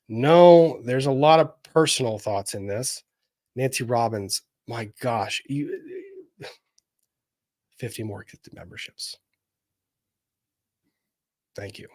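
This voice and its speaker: Wry man reading chat on a live stream. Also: mid-range voice. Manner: wry, animated, jokey asides.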